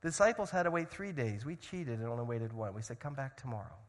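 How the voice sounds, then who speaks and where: A man preaching a sermon as a missionary, swinging from loud urgency to hushed storytelling. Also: mid-range voice, sing-song, fast, long reverb tail. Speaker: missionary speaker.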